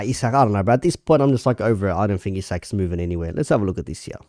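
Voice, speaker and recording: A man's voice: lowish voice, animated, very fast, a little mellow, no room sound, clean studio sound. A man giving casual, rambling reaction commentary with lots of fillers.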